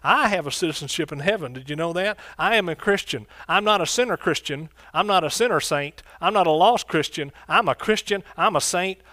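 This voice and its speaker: Pastor preaching with call-and-response. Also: male voice, fairly high pitch, animated, a little fast, few pauses, bright, forceful tone, no echo, clean studio sound. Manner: preacherly call-and-response, asks congregation questions. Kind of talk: sermon.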